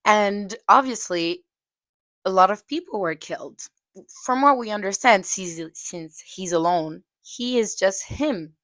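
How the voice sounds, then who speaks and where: Chatting casually as a movie reviewer, a young woman leans heavily on "like" as a filler and laughs occasionally. Her voice is on the low side but fairly bright in tone, with no echo.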